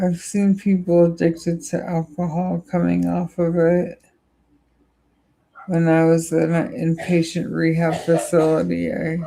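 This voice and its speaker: A young adult livestreamer chatting casually with viewers in a slow, halting, weary way, with many "like" and "uh" fillers. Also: mid-range voice, creaky, dark tone, poor audio. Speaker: livestreamer answering chat.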